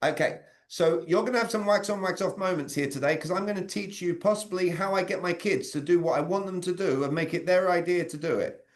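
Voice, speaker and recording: A man, leading an interactive sales communication training over a video call and quizzing his audience. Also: sits high. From Britain. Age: 40s. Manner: energetic, quizzes the audience with quick questions.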